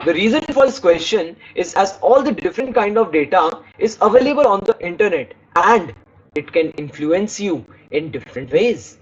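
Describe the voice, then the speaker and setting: A man's voice: high-pitched, lively intonation, moderate pace, slightly rough, highs cut off. A man giving an online speaking lesson, demonstrating tones by reading lines aloud and stopping to correct himself. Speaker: English speaking teacher.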